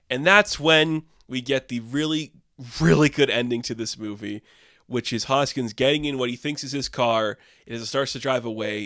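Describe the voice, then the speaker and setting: Man, casual film review, enthusiastic, rambling, mid-pitched, dry close sound. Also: fairly bright tone, smooth, dry recording.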